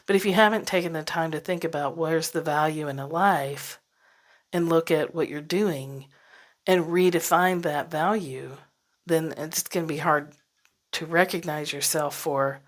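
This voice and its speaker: Woman podcast host, low-pitched, casual reflective monologue, chuckles and soft whispered asides. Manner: casual, laughs often, drops to whispered asides. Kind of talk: reflective solo podcast talk.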